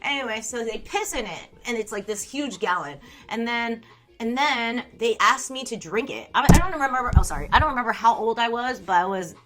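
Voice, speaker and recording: A woman's voice: on the high side, expressive, fairly quick, very noisy. A young woman streaming live, chatting casually with viewers, reading their messages aloud and laughing often.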